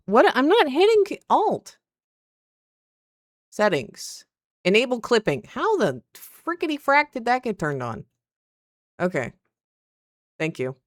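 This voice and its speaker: A woman streamer chatting casually at her PC, telling a story in an animated way and acting out the other people's lines. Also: medium pitch, no echo, studio quality. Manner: animated, acts out quoted dialogue. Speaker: streamer and content creator.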